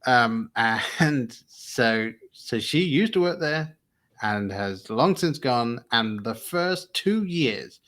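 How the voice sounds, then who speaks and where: A man's voice: mid-range voice, expressive, slow, a bit bright. Chuckling English man telling a story. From England. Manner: laughs often while telling a story. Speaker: podcast co-host. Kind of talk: casual chat.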